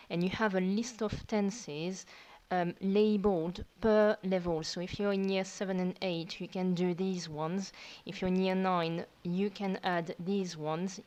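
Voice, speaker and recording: A woman's voice: fairly low pitch, a little mellow, poor audio. A woman teacher, patiently explaining verb tenses step by step in a recorded lesson. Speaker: French teacher.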